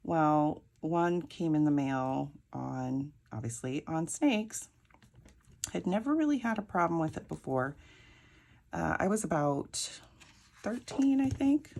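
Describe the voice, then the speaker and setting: A woman's voice: low-pitched, lively intonation, slow, gravelly, darkish tone. A woman crafting and telling a rambling, chatty story, laughing often. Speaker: crafting vlogger. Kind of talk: casual storytelling while crafting.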